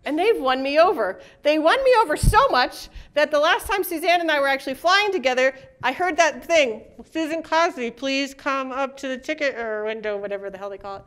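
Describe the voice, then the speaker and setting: A middle-aged woman giving a casual, jokey conference talk, chatting with quick asides and acting out the people she quotes. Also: high voice, a bit bright. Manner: acts out quoted people in shifting voices. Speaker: conference presenter. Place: conference room with live audience.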